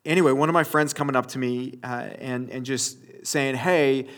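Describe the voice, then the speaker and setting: A man's voice: mid-range voice, steady tone, moderate pace, a bit bright. A man giving a sermon, telling a personal story to his audience in a rambling way with many restarts and fillers. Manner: addresses the audience directly.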